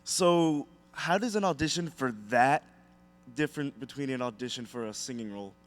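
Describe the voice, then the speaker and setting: A man's voice: mid-range voice, normal speed, soft background music. A man in the audience asking a hesitant question at a convention panel. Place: convention hall.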